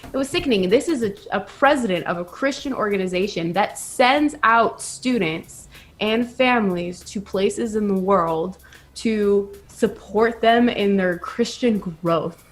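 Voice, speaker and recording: A woman's voice: mid-range voice, a little slow. A woman who is a pastor, speaking reflectively and earnestly in a podcast conversation, telling of her experience. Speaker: pastor, guest.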